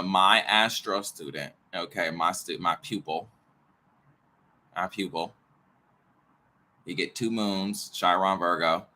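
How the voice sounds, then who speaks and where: A man's voice: lowish voice, bright, forceful tone. A man who teaches astrology and tarot, rambling in a casual monologue, repeating himself, jumping between ideas and muttering swears.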